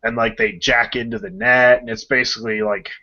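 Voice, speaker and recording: A man co-hosting a casual podcast chat, talking with enthusiasm and acting out scenes in quick voices. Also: medium pitch, steady tone, pushed and bright. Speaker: podcast co-host. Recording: dull lo-fi podcast audio.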